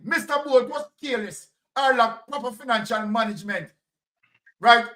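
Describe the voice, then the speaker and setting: Jamaican man hosting a heated talk, high-ish voice, rhetorical and fiery, picked up from a distance. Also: a bit bright. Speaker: host. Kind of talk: heated commentary.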